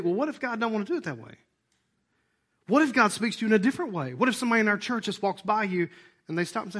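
Male pastor, hoarse and animated, high-ish voice, preaching to his church. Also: fast. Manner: animated, acts out voices and asides. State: hoarse, voice worn out. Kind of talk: sermon.

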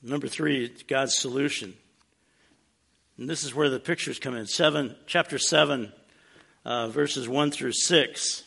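A man's voice: mid-range voice, measured pace, vocal fry, pushed and bright, slightly rough. A man preaching a casual, plainspoken sermon, dropping in wry humorous asides as he teaches. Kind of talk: conversational sermon.

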